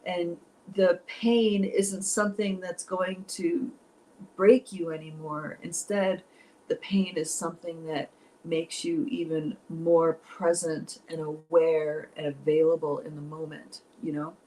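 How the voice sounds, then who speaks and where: A woman's voice: sits low, fairly even intonation, slow, mellow, slight background noise, poor audio. Middle-aged woman teacher, emotional and rambling, gets teary, spiritual storytelling. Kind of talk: personal storytelling.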